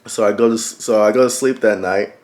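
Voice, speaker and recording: A young man with a lowish voice recounts a personal experience to his viewers. He is reflective and often stops mid-thought to reach for the right words, with plenty of fillers along the way. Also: steady tone, fast, a little mellow. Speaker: vlogger. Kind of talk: personal storytelling.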